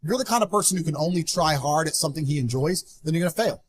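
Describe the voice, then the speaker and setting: Fast-talking blunt man. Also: on the high side, lively intonation, a little hiss or hum. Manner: blunt, forceful, emphatic. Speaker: interviewee. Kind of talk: motivational interview talk.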